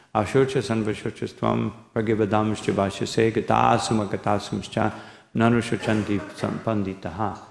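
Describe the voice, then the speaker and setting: Gravelly-voiced monk lecturing in echoey hall. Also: male voice, lowish voice. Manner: discursive, frequent "no?" and "you know" tags, quotes Sanskrit verses. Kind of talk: scripture lecture. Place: temple hall.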